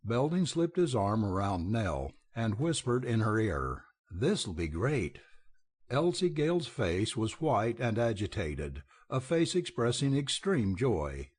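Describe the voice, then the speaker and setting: A man reading a western novel aloud as an audiobook narrator, in a measured, expressive way. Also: medium pitch, husky. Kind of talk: scripted narration.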